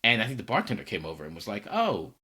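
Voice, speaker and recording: A man's voice: lowish voice, rapid-fire, slightly rough. A man co-hosting a podcast, telling stories casually and acting out what people said. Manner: animated, acts out quoted dialogue. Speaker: podcast co-host. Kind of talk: casual conversational storytelling.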